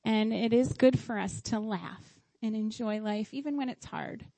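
A middle-aged mother telling family stories in a lively, chatty way, her voice a little high and rising sharply when she acts out her own past lines. The sound is dry and close, with no room around it. She keeps it casual and faith-based. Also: moderate pace, no echo, rough recording. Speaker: mother sharing parenting stories.

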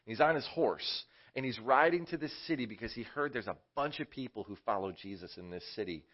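A man's voice: mid-range voice, animated, a little fast, highs cut off. A man teaching a casual Bible lesson to kids in a conversational way, often asking his listeners questions. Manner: conversational, asks the audience questions. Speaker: children's church teacher.

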